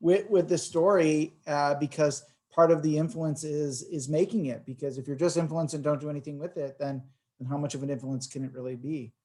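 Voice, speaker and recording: A man's voice: a little high, fairly even intonation, a little fast, darkish tone. Man hosting a podcast interview. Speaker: podcast host.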